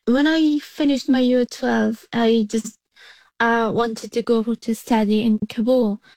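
A woman's voice: a little high, fairly even intonation, takes it slowly, a little mellow, no echo. A young woman from Afghanistan, an English speaker, talking earnestly about herself in a remote interview. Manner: earnest, simple non-native phrasing with some laughs.

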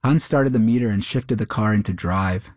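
A man narrating a short story in a steady, measured way. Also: on the low side, dry recording, clean studio sound.

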